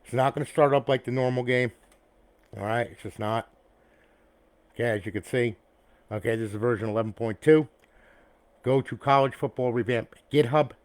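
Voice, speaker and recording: A man who builds custom consoles talks casually to camera about a finished build, his mid-range voice moving at a moderate pace with long pauses. He rambles, tacks "okay?" or "all right?" onto almost every point, and is blunt, profane, and friendly with viewers. An external mic replaces the camera's built-in one, leaving no room sound.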